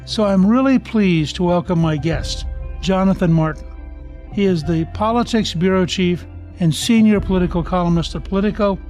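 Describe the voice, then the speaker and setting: A male podcast host with a noticeably high speaking voice talks in a measured, deliberate way, weaving in personal asides. Soft music sits faintly underneath. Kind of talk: conversational interview hosting.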